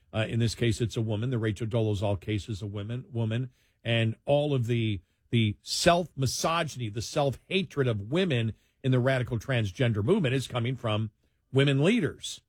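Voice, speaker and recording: Animated older male radio host. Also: mid-range voice, moderate pace, slightly rough, no echo, clean studio sound. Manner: animated, mocking, acts out quotes in exaggerated voices. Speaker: radio talk show host. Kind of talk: casual radio chat.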